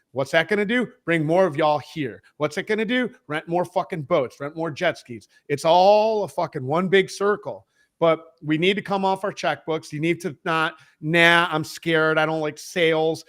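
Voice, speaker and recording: Man, slightly high voice, casual podcast guest, swears a lot, emphatic, rambles. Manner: profane, emphatic, rambling sales pitch. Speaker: podcast guest, head of sales.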